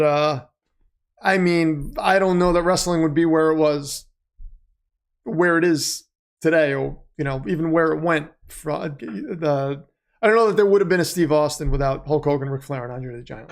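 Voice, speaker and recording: This middle-aged man hosts a livestream, his slightly high voice carrying some vocal fry. He chats casually, reads out donations and chat messages, and calls the game plays as they happen.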